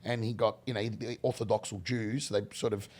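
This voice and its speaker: A middle-aged Australian man, a guest in a casual interview, telling rambling animated stories with many restarts. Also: on the low side, fairly quick.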